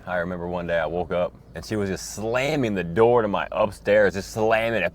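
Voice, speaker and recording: A young man casually telling a story from his own life, profane and animated. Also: low voice, normal speed.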